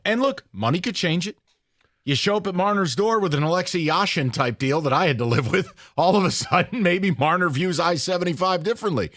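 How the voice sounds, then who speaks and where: Animated, exasperated male sports radio host. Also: high-pitched, no echo, studio quality. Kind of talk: sports talk radio banter. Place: radio studio.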